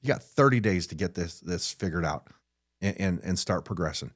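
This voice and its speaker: Off the cuff, a middle-aged man hosting a podcast delivers a blunt, exasperated motivational talk, frequently restarting sentences by repeating his first words. He speaks in a low, animated voice at normal speed.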